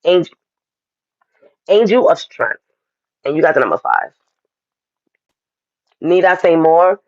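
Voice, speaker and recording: A man's voice: on the high side, huge pitch swings, takes it slowly, creaky, dry recording, muffled recording. A man giving a casual astrology and tarot reading, talking straight to his viewers in a chatty, direct way.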